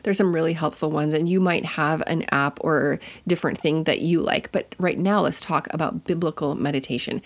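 Gravelly low-voiced woman podcast host. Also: fairly even intonation, moderate pace, hardly any pauses. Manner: chatty and warm-hearted, with self-corrections. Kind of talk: casual teaching monologue.

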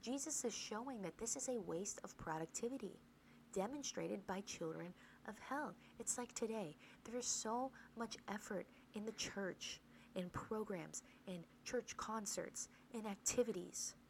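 A woman's voice: medium pitch, measured pace, vocal fry, slight background noise, poor audio. A woman teaching a podcast Bible study in an earnest way, often asking rhetorical questions and checking in with "right?".

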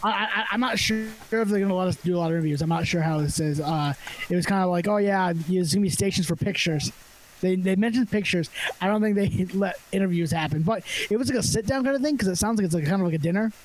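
A man co-hosting a relaxed podcast, with a high voice. He keeps stumbling into repeated restarts. Faint clicks and noise sit behind him. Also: fast, low-quality recording. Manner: stammering restarts, playful. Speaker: podcast co-host. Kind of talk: casual podcast chat.

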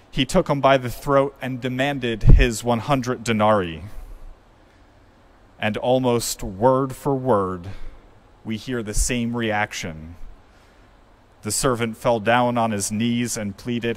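A man preaching a sermon as pastor, retelling a parable in a measured, reflective way. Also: medium pitch. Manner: measured, reflective storytelling delivery.

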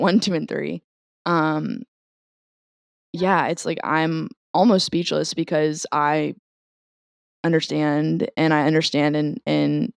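A woman's voice: deep voice, creaky, dry recording. A woman co-hosting a podcast, talking emotionally in a rambling, casual chat. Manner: emotional, rambling, swears and laughs. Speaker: podcast co-host.

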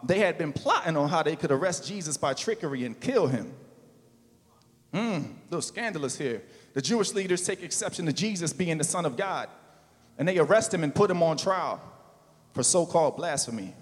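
A male pastor preaching a sermon in a casual, slangy way, building to loud, emphatic calls. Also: on the high side, big-room sound.

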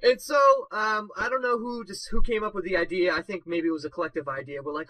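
A young man co-hosting a casual podcast, spinning long rambling anecdotes packed with fillers and bursts of laughter at his own jokes. His voice sits high and very bright. The sound is dry and close, with no room around it. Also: fairly even intonation, quick pace, hardly any pauses, no echo, low-quality recording. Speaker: podcast co-host. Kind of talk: casual storytelling.

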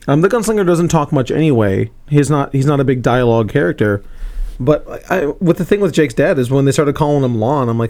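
A man talking casually about a movie with friends, stumbling over restarts and acting out quotes. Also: medium pitch. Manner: halting, many restarts, animated quotes. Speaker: podcast co-host.

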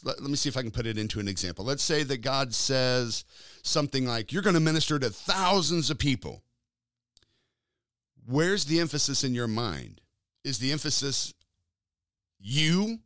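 A man preaching in a conversational style, emphatic, drawing out key words and jumping up in pitch to stress them. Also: a bit bright, dry recording, clean studio sound. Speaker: pastor.

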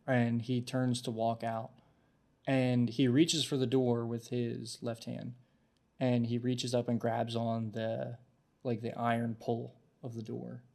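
A man's voice: medium pitch, monotone, takes it slowly, gravelly, a little mellow. A man narrating a tabletop game as game master, descriptive, often restarting his sentences.

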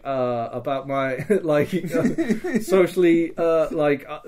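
A man's voice: a little high, expressive, slow pace, darkish tone. A man on a podcast, casually recapping a role-play weekend, rambling with many fillers and acting out bits of dialogue. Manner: rambling storyteller, acts out dialogue, lots of fillers. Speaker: podcast host.

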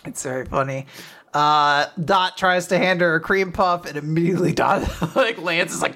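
Animated woman retelling a story. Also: lowish voice, moderate pace. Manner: animated retelling, acting out quotes with laughs. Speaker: podcast co-host recapping manga. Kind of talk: casual chat.

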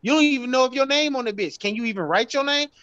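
A podcast guest in casual chat, ranting loudly and heatedly with heavy profanity. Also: male voice, very high voice, fast talker, clean tone, no room sound, dull audio.

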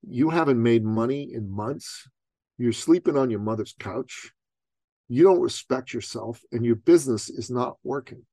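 A man voicing a blunt, no-nonsense business coach in quiet, firm tones. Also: medium pitch, measured pace, no echo.

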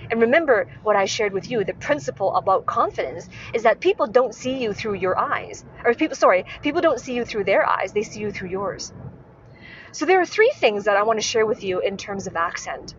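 A woman's voice: mid-range voice, lively intonation, a little fast, dull audio, slight background noise. A woman hosting a podcast and teaching about speech, who often checks in with tag questions and corrects herself mid-sentence. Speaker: podcast host and speech coach. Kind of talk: instructive podcast monologue.

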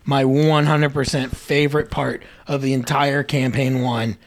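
A young man co-hosting a casual podcast, excitedly retelling scenes, swearing freely and acting out the quotes. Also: medium pitch, a little slow. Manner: excited, profane, acts out quotes. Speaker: podcast co-host.

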